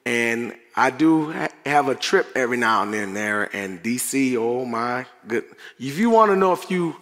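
A middle-aged man preaching a conversational sermon with animated asides and frequent laughter. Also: medium pitch, moderate pace. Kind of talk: sermon devotional. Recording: reverberant church hall.

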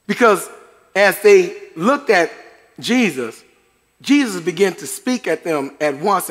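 Long hall reverb fills this recording of a middle-aged pastor preaching in a church sanctuary. His high-pitched, fairly bright voice stays chatty and conversational, with asides and chuckles for the congregation.

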